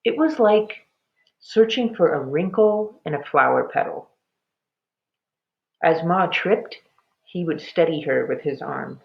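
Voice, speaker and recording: A woman reading a children's chapter book aloud with expressive storytelling. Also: sits low, measured pace, creaky, pauses often. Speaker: storybook reader. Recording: dull lo-fi recording.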